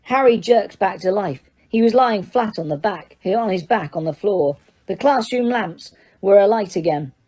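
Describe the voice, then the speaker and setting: Mellow-voiced woman narrating an audiobook. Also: medium pitch, normal speed, few pauses. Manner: steady, dramatic storytelling. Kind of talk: scripted narration.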